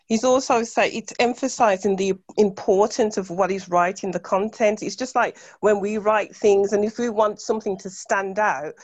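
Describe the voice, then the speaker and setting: A woman's voice: mid-range voice, fairly even intonation, moderate pace, few pauses, a little mellow. A woman in a Bible study explaining a point and seeking agreement. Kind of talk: group discussion. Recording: dull lo-fi sound.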